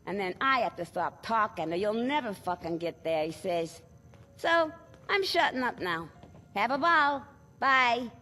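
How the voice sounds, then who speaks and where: A woman's voice: mid-range voice, lively intonation, unhurried, sharp tone. A woman voicing a cheeky young girl who plays at being a cop, with a Boston accent.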